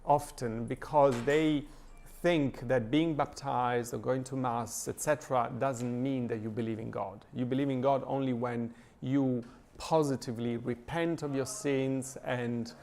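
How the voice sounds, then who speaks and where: Halting man lecturing, gravelly voice. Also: mid-range voice, steady tone, a little mellow, slight background noise. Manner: thoughtful, many hesitations and fillers. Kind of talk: lecture reading and analyzing a poem. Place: church lecture.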